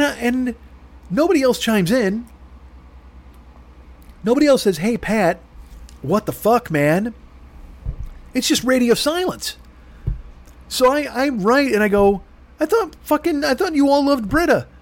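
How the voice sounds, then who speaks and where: A man telling a comedic story on a podcast, animated and profane, mocking himself. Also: fairly high pitch. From grew up poor. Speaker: podcast host.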